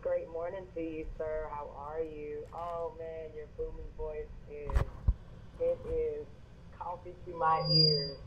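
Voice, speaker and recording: Man, Southern accent, chatty caller, somewhat high voice, dull line with light noise. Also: flat delivery, takes it slowly. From Georgia, US. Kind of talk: phone-in conversation.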